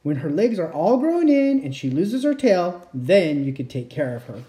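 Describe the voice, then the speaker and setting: A woman voicing a patient mother frog in a storybook read-aloud, calling out gently to her child. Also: lowish voice, sing-song, normal speed, reverberant.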